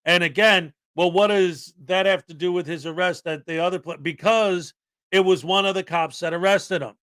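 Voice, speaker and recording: A man's voice: high voice, moderate pace, a bit bright, no echo. A man co-hosting a casual commentary show, explaining a court case in an opinionated, conversational way. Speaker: co-host.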